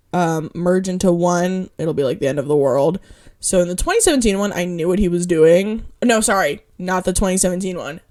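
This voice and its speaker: A woman's voice: medium pitch, a little mellow. Young woman vlogger, casual, eager, rambling delivery with constant fillers. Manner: rambling, lots of "um" and "like"; enthusiastic, quick to gush. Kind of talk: casual movie review ramble.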